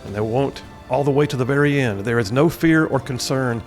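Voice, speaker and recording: A man's voice: mid-range voice, a little fast, soft background music. A man hosting a scripted political commentary, emphatic and full of rhetorical questions and folksy asides.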